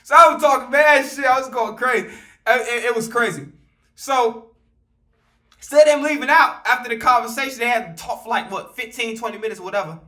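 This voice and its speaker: Young male vlogger, high and bright, animated and profane with loose slang. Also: a little fast. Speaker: vlogger telling a story. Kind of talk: casual storytime.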